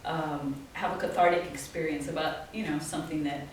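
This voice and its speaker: A woman telling animated stories at a talk, often laughing and acting out the voices of people she quotes. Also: low-pitched, brisk, far from the mic. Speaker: guest artist. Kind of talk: storytelling talk. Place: small office event space. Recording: very echoey room, from off-mic, faint noise.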